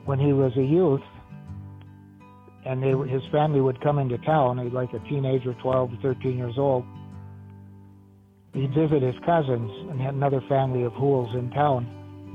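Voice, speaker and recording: A man, a deacon, recalling memories of someone he knew in a halting, restarting way. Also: mid-range voice. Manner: halting, many restarts and fillers. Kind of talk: interview recollection. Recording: tinny phone-like sound with faint music.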